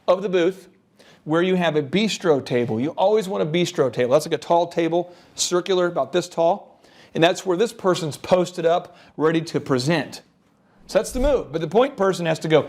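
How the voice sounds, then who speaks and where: A man with a high-pitched voice hosts a business show, coaching listeners in a lively, animated way. He grew up in the American Midwest. He often slips into quick acted-out sales pitches. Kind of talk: energetic business advice talk.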